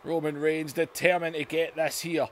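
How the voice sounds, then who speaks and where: A man hosting a gaming video, giving excited wrestling-style play-by-play that bursts into shouts. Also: on the high side, moderate pace, slight background noise. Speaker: YouTube gaming host.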